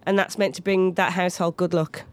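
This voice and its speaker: With a lowish, fairly quick voice, a comedian guest in her thirties chats casually. She tells anecdotes in an animated way, slipping into many put-on voices.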